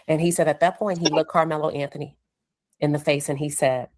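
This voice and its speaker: Low-voiced woman recapping a trial. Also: steady tone, fast, a little mellow, no echo. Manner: acts out quoted witnesses with raised voice. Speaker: courtroom reporter.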